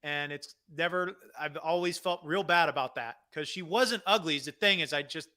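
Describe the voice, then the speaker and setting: A male comedy host reads out viewer questions and rambles in a casual, self-deprecating way, full of fillers. His voice is somewhat high and very bright and sharp. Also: normal speed. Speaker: comedy wrestling show host.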